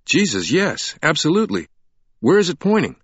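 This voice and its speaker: A man voicing a nervous, flustered grown man in an audiobook, quick to explain himself. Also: on the low side, lively intonation, dry recording, dull audio, pitched above the performer's own voice. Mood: agitated. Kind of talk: audiobook character reading.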